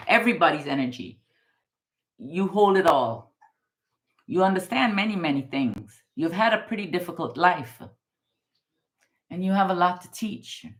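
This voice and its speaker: A woman's voice: unhurried, long pauses. Affectionate woman tarot reader, darling and baby. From Guyana. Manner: repeats the listener's name insistently; swings between excited high exclamations and low, hushed advice. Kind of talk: live tarot and numerology reading.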